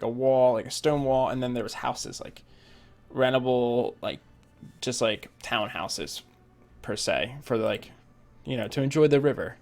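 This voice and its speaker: A young man talks casually at his desk while playing a farming game, drifting into long, rambling stories full of fillers. He laughs often and keeps an easy, conversational flow. Keyboard typing is heard now and then behind him. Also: mid-range voice. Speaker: let's play gamer. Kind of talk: casual gameplay commentary with storytelling.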